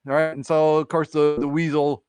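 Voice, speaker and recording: A man tells a folktale on a live stream in a loose, rambling way, checking in with his listeners constantly. His voice is clear and smooth, recorded up close with a dry sound. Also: a little high, little pitch movement, a little fast, a little mellow, no room sound. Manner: rambling, filler-heavy, keeps asking "right?".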